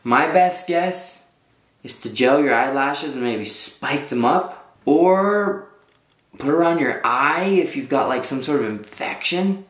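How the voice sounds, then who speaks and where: A man's voice: mid-range voice, expressive, slow, fairly bright tone. Joking young man in an echoey bathroom. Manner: joking, self-conscious, rambling. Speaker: vlogger. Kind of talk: casual vlog chat. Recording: echoey bathroom, faint noise.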